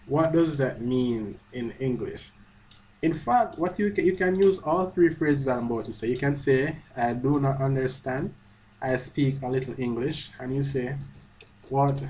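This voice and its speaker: A language teacher records his screen while typing, keeping things chatty and fixing his own mistakes, with faint typing audible. The audio is poor with a bit of hiss or hum, and his mid-range voice sounds a little mellow.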